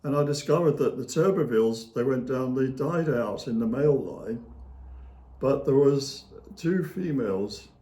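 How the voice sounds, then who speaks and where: Mellow-voiced man telling a long story. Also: mid-range voice, normal speed. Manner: rambling anecdotal retelling with many fillers and chuckles. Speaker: author and interview guest. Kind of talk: casual storytelling conversation. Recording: echoey room.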